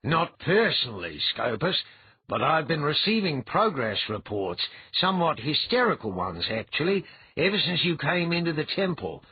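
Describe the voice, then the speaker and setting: A man voicing a high, fretful old priest of rank. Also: very animated, moderate pace, slightly rough, no echo, dull audio, full character voice. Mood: wry. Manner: fretful, easily alarmed. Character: anxious senior male priest, an eminence. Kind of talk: audiobook character voice.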